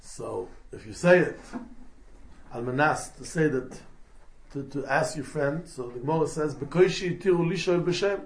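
A man giving a lively Talmud class, mixing in Yiddish and Hebrew terms and acting out the quotes. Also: on the high side, echoey room. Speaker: Talmud teacher.

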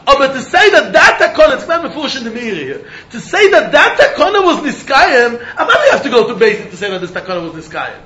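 A man teaching a Talmud lesson, animated, often repeating words as he thinks and breaking into laughs. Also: extremely high pitch, fast, hardly any pauses. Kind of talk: Talmud study lecture. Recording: roomy, muffled recording with faint background noise.

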